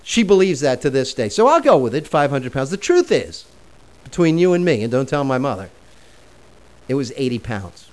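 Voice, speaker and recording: A man's voice: mid-range voice, sing-song, moderate pace. A man in his forties telling a personal story in a conversational way while teaching a self-help lesson. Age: 40s.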